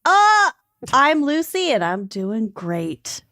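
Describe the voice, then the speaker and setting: A woman's voice: sits high, sing-song, slow pace, sharp tone. A woman co-hosting a casual podcast who trades dry, teasing jabs. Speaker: co-host. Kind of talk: casual chat.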